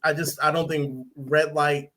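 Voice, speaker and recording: A man's voice: a little high, flat delivery, unhurried, a bit bright. A man hosting a podcast, casually recapping a TV episode, rambling and acting out lines. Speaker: podcast host. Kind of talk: casual review chat.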